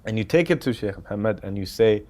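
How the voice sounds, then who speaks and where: Emirati filmmaker guest, thirties, lowish voice, lively anecdotes full of quoted dialogue. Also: male voice, fairly quick. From United Arab Emirates. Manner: animated, quotes others while telling anecdotes. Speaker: film director guest. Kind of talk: casual interview storytelling.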